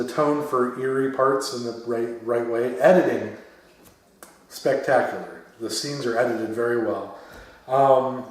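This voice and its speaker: A man's voice: medium pitch, far from the mic. Rambling man in an echoey room. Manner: rambling, frequent uh and um fillers, blunt swearing. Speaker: horror podcast host. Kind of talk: casual film review. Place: his home den filled with memorabilia.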